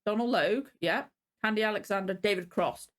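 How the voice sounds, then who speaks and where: A woman's voice: medium pitch, brisk. A woman, teary and emotional, rambling and gushing with many restarts as she hosts a reaction vlog. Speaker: reaction channel host. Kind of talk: casual reaction vlog chat.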